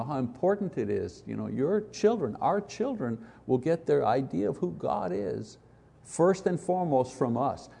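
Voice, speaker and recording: A man's voice: mid-range voice, warm tone. A man teaching an informal Bible lesson in a conversational way, with frequent restarts and rhetorical questions.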